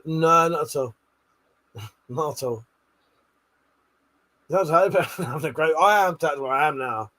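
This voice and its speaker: A man's voice: fairly high pitch, expressive, measured pace, pauses often, fairly bright tone. A man hosting a casual late-night livestream, reading out chat messages with lots of swearing, laughter and joking banter.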